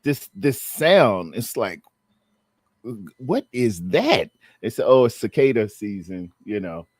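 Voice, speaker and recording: A man's voice: lowish voice, big pitch swings, slow, darkish tone, dry recording, clean studio sound. A man, hosting a casual chat, telling stories in a drawling, laughing way. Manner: laid-back storyteller, drawling, laughs often. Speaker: host.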